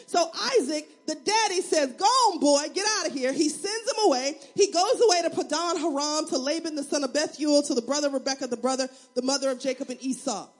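A woman pastor preaching a sermon, acting out voices in her stories and building to shouts. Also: very high-pitched.

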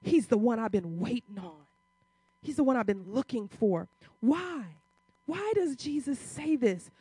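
High-pitched lady preaching hard, lots of questions, casual church talk, dry mic. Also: lively intonation, unhurried, breathy edge, dry recording. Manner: impassioned, rising to loud emphatic peaks; uses casual church vernacular, rhetorical questions. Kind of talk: sermon.

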